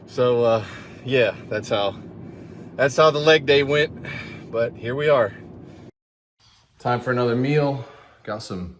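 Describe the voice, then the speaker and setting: A man's voice: mid-range voice, takes it slowly, long pauses, a little hiss or hum. A man in his thirties vlogging casually on a handheld phone as he moves between home, car and an airport lounge, chatting like a storyteller. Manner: chatty storyteller who acts out quotes. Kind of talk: casual vlog chat.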